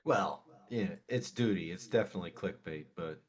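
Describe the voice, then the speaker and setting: A man in casual podcast chat, an excitable storyteller who laughs easily. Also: deep voice, moderate pace.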